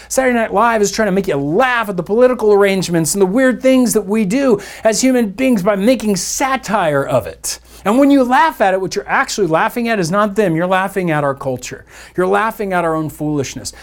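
A man preaching a sermon as pastor, in a conversational style with playful asides to his listeners. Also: high voice. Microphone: church podcast mic.

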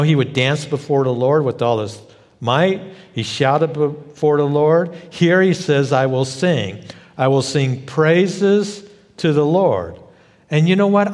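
A man's voice: mid-range voice, darkish tone, in a large hall. A man pastor preaching a sermon in a conversational way, rising into emphatic bursts. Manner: conversational, emphatic bursts, frequent "you know".

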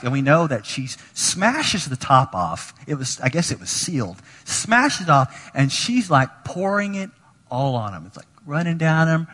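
A man preaching a sermon as pastor, animated, acting out quoted voices and dropping to near whispers. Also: fairly high pitch, in a large hall.

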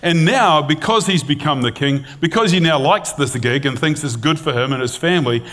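A man's voice: fairly high pitch, moderate pace, a bit bright. A middle-aged man preaching a sermon, retelling a scripture story in a conversational, storytelling way and reading passages aloud.

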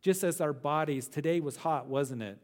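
A middle-aged male pastor teaching a verse-by-verse sermon, earnest, repeating phrases for emphasis and slowing down on key words. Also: a little high.

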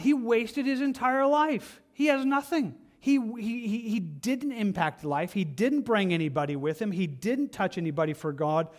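Impassioned high-voiced male pastor preaching. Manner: impassioned, rises and drops sharply for emphasis; repeats phrases for emphasis. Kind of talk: sermon.

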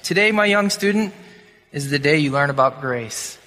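A man doing a calm, firm school principal. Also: fairly high pitch. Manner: quiet and measured, at times whispered. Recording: long hall reverb.

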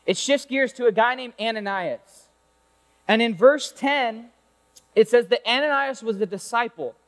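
Male youth pastor, high voice, lively and conversational sermon, lots of rhetorical questions, big echoing hall. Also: measured pace.

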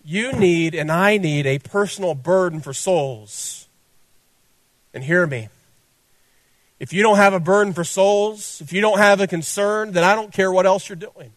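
Fervent high-voiced male preacher. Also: unhurried, fairly bright tone, dry recording. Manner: fervent, repetitive, pointedly direct to listeners. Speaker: pastor. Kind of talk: sermon.

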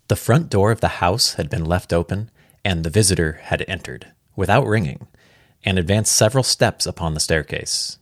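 A man casually reading a classic story aloud, relaxed and chatty, breaking off now and then to comment on the text. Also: low-pitched, moderate pace, no echo, clean studio sound. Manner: relaxed, chatty, comments and laughs at his own slips. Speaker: reader.

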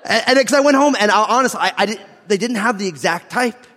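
A man with a high, light voice preaches in an echoing church hall. He reads scripture, then slips into lively, joking anecdotes from his own life, laughing as he tells them. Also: quick pace. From New Jersey. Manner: animated, jokey asides, laughs through lines. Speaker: pastor. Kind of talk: sermon with humorous storytelling.

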